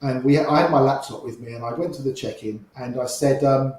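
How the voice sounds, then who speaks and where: An older man, a poker player, telling old stories in an animated way and quoting people in quick little voices. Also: medium pitch. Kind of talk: anecdotal storytelling. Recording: very echoey room.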